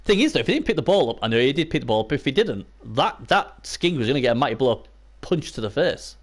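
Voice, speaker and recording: A man casting a video game match live, hoarse and losing his voice, chatting to viewers and breaking into excited yelps. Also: quick pace. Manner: excitable, bursts into high yelps and cheers; chatty, talks to viewers and chat by name. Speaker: live stream commentator. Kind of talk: casual video game commentary.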